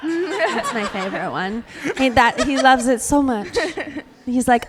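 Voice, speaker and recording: A woman voice actor chatting on a convention panel, telling animated stories full of laughter in a hall. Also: high-pitched, measured pace, pauses often. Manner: giggly, animated storyteller acting out quotes. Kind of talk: casual convention panel chat.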